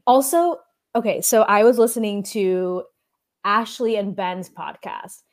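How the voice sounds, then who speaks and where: A woman's voice: mid-range voice, measured pace. A young woman co-hosting a podcast in casual chat, laid-back and agreeing, often saying dude. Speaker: podcast co-host.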